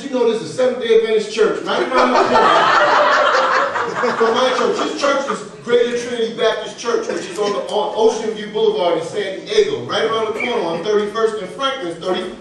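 High-pitched pastor guy preaching, laughing through his story, sounds far off the mic. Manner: animated, laughing storyteller acting out dialogue. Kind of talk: sermon with personal storytelling. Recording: echoey room, voice from far off the mic.

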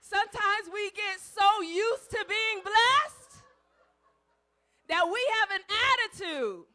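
A woman preaching a sermon, building to shouted climaxes and then dropping soft to tell stories. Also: very high-pitched.

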